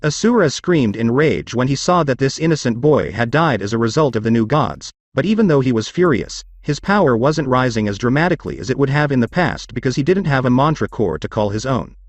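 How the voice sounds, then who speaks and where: Male narrator for a scripted story read, lively, steady, dry close mic. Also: medium pitch, a little fast, hardly any pauses, dry recording.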